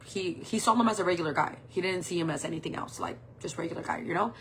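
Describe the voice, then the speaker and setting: Low-voiced woman in her forties, rambling. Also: fast, a bit bright, slight background noise. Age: 40s. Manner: rambling, candid, heavy use of "like" and "um". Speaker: makeup vlogger. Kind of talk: casual personal storytelling.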